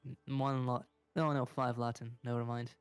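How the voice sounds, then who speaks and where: A man's voice: mid-range voice, flat delivery, moderate pace, over music. A man playing a tabletop game, talking in a joking, offhand way. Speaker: player. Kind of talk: casual chat during a tabletop game.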